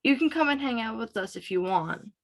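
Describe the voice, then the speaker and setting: A woman reading as a smooth-talking teenage boy. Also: a little high, lively intonation, brisk. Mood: evasive.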